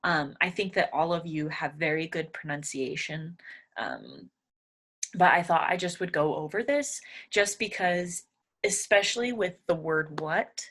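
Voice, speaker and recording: A woman's voice: low voice, expressive, unhurried, fairly bright tone, breathy edge. A young woman teaching English pronunciation, patiently repeating each word aloud several times. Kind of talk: pronunciation lesson.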